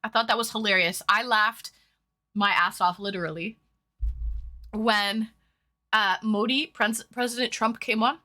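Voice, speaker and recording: A woman's voice: a little high, fairly even intonation, a little slow, long pauses, bright, forceful tone. A woman from Toronto hosting a casual livestream, greeting viewers by name in a bubbly, chatty way, her nose running from hot sauce. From Toronto, Canada. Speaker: livestream host.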